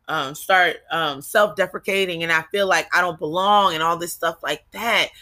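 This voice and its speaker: A young woman from New Jersey, her accent plain, talks through a solo podcast episode in a candid, confessional way. Her voice is bright with a sharp edge. She often pauses on drawn-out ums and starts her sentences over. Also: lowish voice. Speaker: podcast host. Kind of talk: casual solo podcast monologue.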